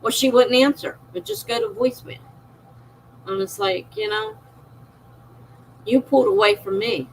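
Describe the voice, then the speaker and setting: A woman's voice: fairly high pitch, normal speed, long pauses, a little hiss or hum, poor audio. A middle-aged woman streaming a personal, emotional monologue, confiding and circling back on herself as she talks. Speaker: live streamer.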